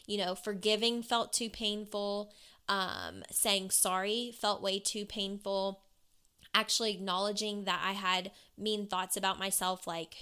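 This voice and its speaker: A woman's voice: mid-range voice, bright, forceful tone, clear, resonant tone. A young woman hosting a podcast, telling a personal story in an earnest, confiding way and acting out past conversations. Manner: earnest, confiding, quotes her own past dialogue. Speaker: podcast host.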